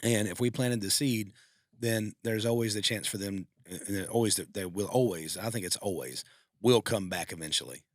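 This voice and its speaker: A man's voice: lowish voice, moderate pace, no echo, clean studio sound. A man co-hosting a podcast, telling a heartfelt personal story in a rambling, emotional way with many restarts. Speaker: podcast co-host. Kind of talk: casual storytelling.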